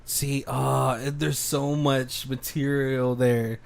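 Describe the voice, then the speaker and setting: A man's voice: medium pitch, flat delivery, slow pace, vocal fry. A man co-hosting a podcast, casually recapping a horror film and acting out the characters' lines. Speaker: podcast co-host.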